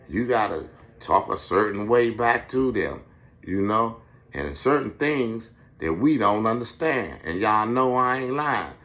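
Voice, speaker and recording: A man's voice: fairly low pitch, fairly bright tone. A middle-aged man from Washington, D.C. who hosts a podcast, telling street-wise stories in a blunt, profane, preachy monologue. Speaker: podcast host.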